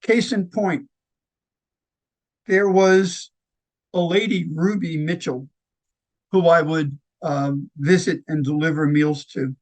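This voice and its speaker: A man who founded a nonprofit tells personal stories in an interview, halting with fillers and restarts and acting out the quoted lines. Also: a little high. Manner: lively anecdotal storyteller who acts out quoted lines. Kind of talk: conversational interview storytelling.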